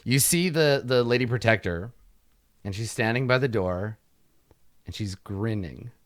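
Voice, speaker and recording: A man acting as game master runs a tabletop game, narrating haltingly with lots of fillers and restarts. His voice is mid-range, and the recording is studio quality with no echo.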